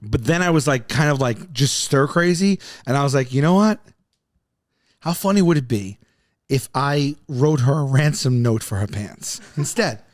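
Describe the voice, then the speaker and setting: A man telling a long comic story on a podcast, rambling and animated, often stumbling over his words. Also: medium pitch, moderate pace, no echo, clean studio sound. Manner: rambling, animated, self-interrupting.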